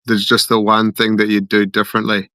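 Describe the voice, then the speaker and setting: A man's voice: lowish voice, completely flat delivery, brisk, bright, forceful tone, no echo. A man hosting a loose, rambling group call chat, laughing often.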